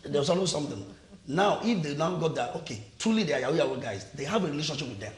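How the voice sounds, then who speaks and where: A man's voice: fairly high pitch, animated, quick pace. A man with a Nigerian accent, a TV panel guest who speaks emphatically, repeats phrases and often restarts his sentences. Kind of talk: TV panel discussion. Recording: echoey studio.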